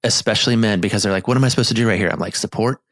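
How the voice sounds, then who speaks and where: Low-ish guy therapist explaining stuff earnestly, lots of ums and restarts, dry close sound. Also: very fast, a bit bright, dry recording. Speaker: marriage therapist and podcast co-host. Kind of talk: casual chat.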